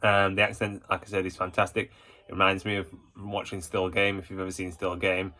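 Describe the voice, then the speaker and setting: A man with a low, bright-edged voice hosts a casual ranking vlog. He rambles warmly as an enthusiastic fan, circling back with hesitations and filler. His delivery stays fairly level in pitch, with little rise and fall. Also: completely flat delivery, a little fast. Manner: rambling, full of hesitations and "you know". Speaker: YouTube channel host.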